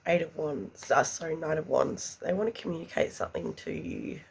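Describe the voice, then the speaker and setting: A woman giving a slow, hushed tarot reading, emotional and often close to a whisper. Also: sits low, sing-song, gravelly, husky. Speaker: tarot reader.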